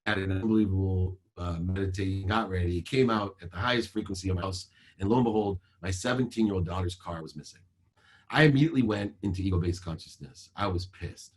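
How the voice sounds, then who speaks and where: A man with a very low voice speaks over a video call, giving a motivational talk in a measured, emphatic way. He moves through his points one at a time, like items on a list.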